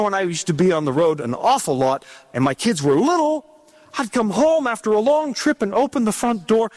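A middle-aged man preaching a sermon, dramatic and animated, drawing out key words in a sing-song way. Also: very high-pitched.

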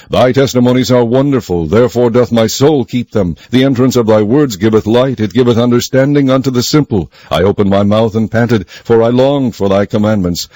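A man giving a solemn, measured scripted reading of scripture. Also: on the low side, warm tone, no room sound. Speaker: scripture reader.

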